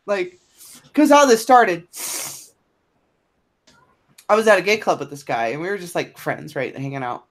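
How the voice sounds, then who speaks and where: A woman's voice: lowish voice, expressive, moderate pace, pauses often. A woman chatting on a podcast, telling a profane, blunt anecdote and laughing through it. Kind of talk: casual chat, anecdote telling.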